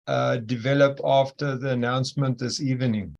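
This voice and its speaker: A man's voice: mid-range voice, steady tone, moderate pace, vocal fry, darkish tone, dull audio. A man taking part in a trading class on a video call, speaking casually and a little hesitantly. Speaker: student trader.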